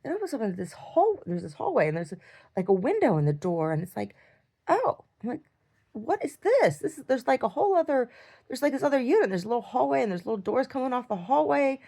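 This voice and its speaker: A woman's voice: fairly high pitch, creaky, mellow. A woman in chronic pain, telling a rambling video-diary story with lots of fillers and restarts. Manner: acts out quoted lines in a raised voice. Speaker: video diarist. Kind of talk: casual video diary, recounting a dream.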